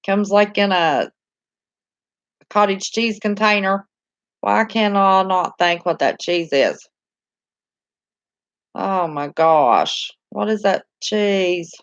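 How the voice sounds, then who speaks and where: A woman's voice: mid-range voice, takes it slowly, pauses often, no room sound, dull audio. Chatty Southern woman live-streaming. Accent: Southern American. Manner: chatty, homey, laughs easily. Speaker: channel host reading live chat. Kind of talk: casual live-stream chat.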